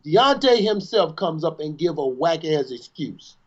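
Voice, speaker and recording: A man's voice: fairly high pitch, sing-song, a little slow. A man co-hosting a podcast in casual chat, mocking and playful. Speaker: podcast co-host. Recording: dull lo-fi audio.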